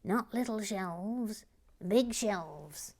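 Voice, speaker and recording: A woman's voice: medium pitch, expressive, extremely slow, gravelly, a little mellow. A woman co-hosting a LEGO stream, reading out trivia in a dry, matter-of-fact way with wry asides. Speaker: co-host sharing LEGO trivia. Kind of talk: casual chat with read-out facts.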